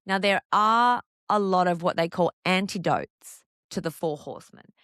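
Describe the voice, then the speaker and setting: A woman hosting a podcast on couples' relationships, calmly explaining and asking the listener one rhetorical question after another. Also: lowish voice, normal speed, clean tone, no echo, clean studio sound. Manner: calm, explanatory, reassuring. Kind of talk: solo podcast monologue.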